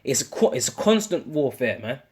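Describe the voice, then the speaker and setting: A man's voice: mid-range voice, very animated, moderate pace, a little mellow, slightly rough. A British man preaching an informal sermon, speaking in casual slang with many restarts and ending phrases with "man". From United Kingdom. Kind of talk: informal street-style sermon.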